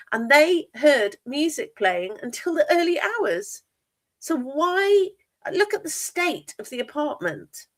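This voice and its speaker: A woman hosting a livestream about a true crime case, asking pointed, disbelieving questions with emphatic stress. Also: high voice. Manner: incredulous, emphatic, asks many questions. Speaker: livestream host. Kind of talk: true crime discussion stream.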